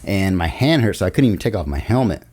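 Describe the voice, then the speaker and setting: A man with a somewhat low voice speaks as a guest on a studio podcast mic. He tells his story in loose, casual chat, animated and full of swearing. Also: fast talker.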